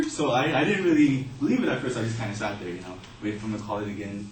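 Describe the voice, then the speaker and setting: A man telling a personal story in a casual, animated way. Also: mid-range voice, a little fast, slight background noise. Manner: animated, acting out voices in his story. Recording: roomy, distant mic, faint ambience.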